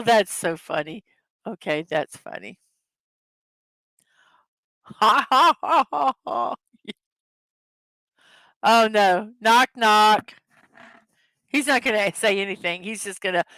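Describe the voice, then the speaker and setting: A woman's voice: mid-range voice, a bit bright, no echo. A middle-aged woman hosting a casual livestream, giggling as she reads viewers' jokes aloud. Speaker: livestream host.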